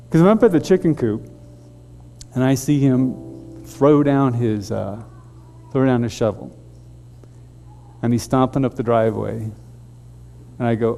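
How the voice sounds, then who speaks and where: A man preaching a storytelling sermon as a pastor, animated and halting with frequent restarts. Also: mid-range voice, gravelly, faint music behind.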